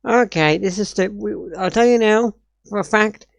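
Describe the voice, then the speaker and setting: A woman's voice: medium pitch, normal speed, vocal fry. A woman, ranting in sweary exasperation while reacting on a live stream.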